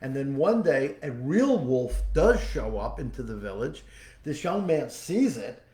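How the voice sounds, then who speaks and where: A man's voice: mid-range voice, big pitch swings, measured pace, dark tone. A man hosting a podcast, giving a spiritual teaching talk as a folksy storyteller who repeats his key phrases. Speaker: podcast host and psychic medium. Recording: echoey room.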